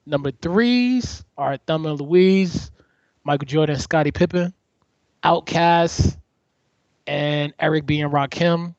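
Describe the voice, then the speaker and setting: A man co-hosting a podcast in casual chat, animated and joking, often restarting his sentences. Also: fairly high pitch, slow, no room sound. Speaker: podcast co-host. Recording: dry, dull lo-fi sound.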